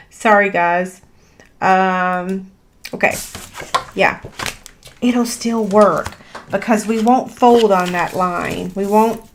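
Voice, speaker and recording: A woman's voice: medium pitch, fairly even intonation, drawn-out words, long pauses, a little hiss or hum. A woman, teaching a live crafting tutorial in a chatty, self-deprecating way with frequent fillers. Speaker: paper craft instructor.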